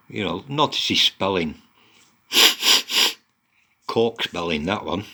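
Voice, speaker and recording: A man's voice: low-pitched, lively intonation, slow, long pauses, bright, forceful tone. A man giving blunt, mocking commentary on online posts, swearing a lot as he goes.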